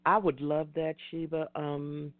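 A mid-range, level-toned voice moves a little slowly as this middle-aged host of an online talk show gives an emphatic, heartfelt motivational speech, repeating key phrases in a preacher's manner. The sound is dry and tinny like a phone, without echo.

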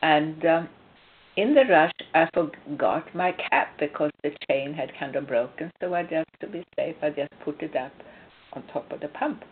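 Woman, spiritual coach, low pitch, tinny phone-line quality, emphatic anecdotal advice. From Sweden. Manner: emphatic storytelling with hesitant restarts. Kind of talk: casual advice talk with personal anecdotes.

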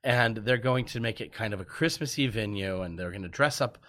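A man's voice: lowish voice, brisk, fairly bright tone. A man, a guest, telling casual stories, chatty and self-deprecating, laughing often. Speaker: guest, TV writer. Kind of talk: casual storytelling.

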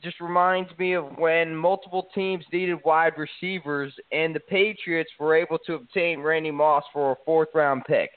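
A man's voice: fairly high pitch, steady tone, normal speed, hardly any pauses, no echo. A man hosting a sports talk show, confident and salesy as he hypes his betting picks. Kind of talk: sports radio banter. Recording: tinny phone-like line, dry.

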